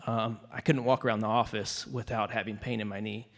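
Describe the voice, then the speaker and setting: A man from the audience telling a personal story, hesitant and emotional, with many pauses. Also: fairly low pitch, little pitch movement, long reverb tail. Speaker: audience member sharing a story. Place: large conference hall.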